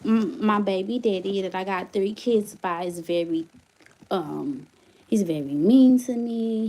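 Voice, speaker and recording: A young woman livestreaming to her chat from her phone, venting indignantly and getting loud as she complains. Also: medium pitch, creaky. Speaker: vlogger, single mother.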